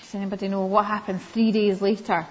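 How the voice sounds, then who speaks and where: A woman giving a Bible lesson to young children, gently questioning them and calling on them by name. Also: medium pitch, level tone, a little fast. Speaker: Sunday school teacher. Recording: slightly dull lo-fi recording.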